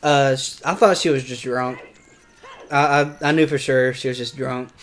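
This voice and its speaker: A man's voice: mid-range voice, steady tone, moderate pace, slight background noise. Hesitant man telling a sheepish story. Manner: hesitant, many ums and restarts, sheepish. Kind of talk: casual storytelling chat.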